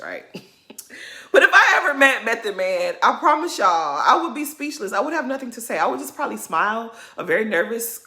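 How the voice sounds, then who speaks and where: A woman's voice: medium pitch, pushed and bright. A woman vlogger recapping a reality show in a sassy, gossipy way, laughing often. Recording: roomy echo.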